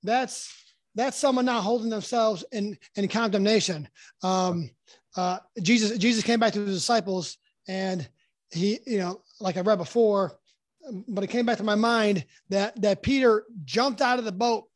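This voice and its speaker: High-voiced man teaching, halting. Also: no echo. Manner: halting, many restarts and fillers, earnest. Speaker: podcast guest. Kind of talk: casual Bible teaching.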